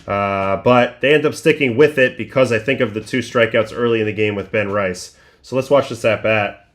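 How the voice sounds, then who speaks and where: A middle-aged man hosting a livestream, casually breaking down baseball pitches one by one and thinking aloud with restarts and fillers. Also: normal speed, a bit bright. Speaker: livestream host breaking down game film.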